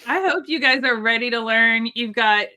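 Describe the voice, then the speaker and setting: A woman's voice: fairly high pitch, normal speed, pushed and bright, clean tone. A woman co-hosting a live crafting stream from her home studio, bubbly and welcoming, often laughing. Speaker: livestream co-host. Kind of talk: excited live-stream chat.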